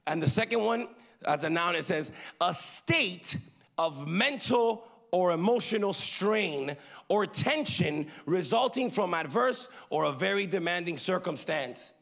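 Gravelly high-voiced male pastor preaching. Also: a little slow. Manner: preaching with call-and-response to the congregation; lively, shifting between loud emphasis and quiet asides. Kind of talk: sermon.

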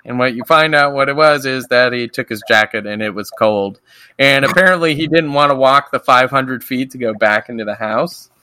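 A man co-hosting a podcast, recapping a TV episode in casual, profane chat and mimicking characters in squeaky voices. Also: normal speed, pushed and bright, clear, resonant tone, no echo. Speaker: podcast co-host.

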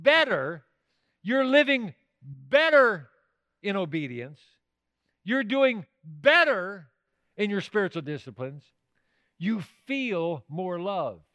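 A male pastor preaching an emphatic sermon in a high, bright, forceful voice. He leans on key words and keeps checking in with the room with rhetorical questions. The sound is close and dry. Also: no echo.

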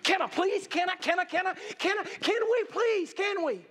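A man's voice: extremely high pitch, moderate pace, a bit bright, voice pushed up. A man voicing a childlike demon spirit that keeps begging and wheedling over and over. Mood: pleading. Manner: wheedling, repeats pleas over and over. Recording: reverberant hall.

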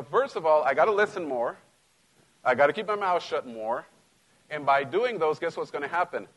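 Middle-aged Latino pastor, conversational sermon with jokes, sudden loud emphasis after quiet asides. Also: male voice, on the high side, rough recording. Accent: Latino American English.

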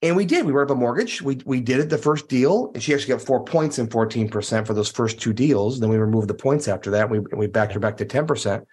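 A man's voice: medium pitch, fast talker, few pauses, darkish tone, slightly rough. A man on a podcast telling stories casually and animatedly, acting out dialogue in different voices. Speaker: podcast guest, real estate investor. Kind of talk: casual interview storytelling.

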